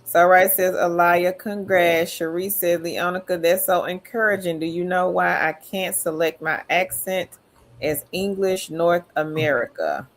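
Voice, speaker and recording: A woman's voice: on the low side, steady tone, a little slow. A woman hosting a livestream, reading viewers' chat comments aloud in an upbeat, friendly way. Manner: upbeat, calls viewers queen. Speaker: livestream host.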